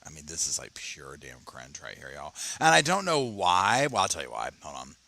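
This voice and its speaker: A man hosting a casual commentary channel, talking and reading an article aloud in a chatty, animated way, often stammering and restarting. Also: a bass voice, moderate pace, creaky. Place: home, at his computer.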